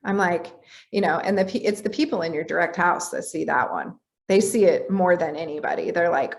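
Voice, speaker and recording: A woman's voice: lowish voice, a little fast. A middle-aged woman speaking as a guest in a casual podcast interview, blunt and profane, often acting out her own thoughts in quotes. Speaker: guest, coach.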